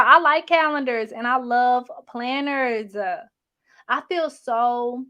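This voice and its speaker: A young adult woman hosts a casual livestream, reading chat comments aloud in a chatty, sassy, slangy way. Her slightly high voice sounds pushed and bright.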